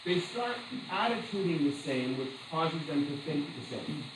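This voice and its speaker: A man lecturing a class in a slightly high voice, chatty and animated, stopping to tell stories and laugh at them. The room is echoey and a faint hum sits behind him. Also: normal speed. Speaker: teacher.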